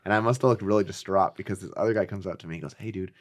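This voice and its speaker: A male comedian guest on a podcast, telling a story with lively acted-out quotes. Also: sits low, rapid-fire. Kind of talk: casual podcast chat.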